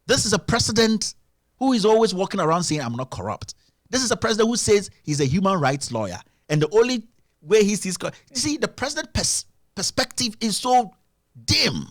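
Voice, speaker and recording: A man delivers heated political commentary in a high, lively voice that swoops up and down. He hammers his points with emphatic repetition, recorded close and dry with no room sound. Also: dry recording. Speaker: live-stream show host.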